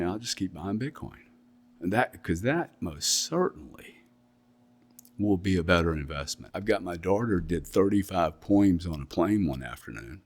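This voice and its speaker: A man's voice: low voice, darkish tone. A middle-aged man with an English accent, a guest in an interview, talking bluntly and emphatically and often repeating himself. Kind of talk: casual interview talk.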